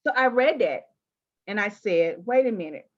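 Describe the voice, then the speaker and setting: A woman interviewing a guest, telling personal stories in an animated, emphatic way with playful asides. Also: mid-range voice, normal speed, dull audio. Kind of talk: candid conversational interview.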